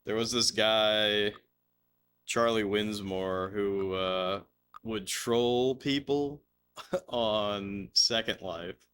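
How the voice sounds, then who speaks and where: A man's voice: lowish voice, extremely slow, fairly bright tone, smooth. A man streaming a game live, chatting loosely, swearing and laughing as he rambles through stories. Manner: rambling, laughing, swearing, slips into silly put-on voices. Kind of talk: casual live-stream chat over gameplay.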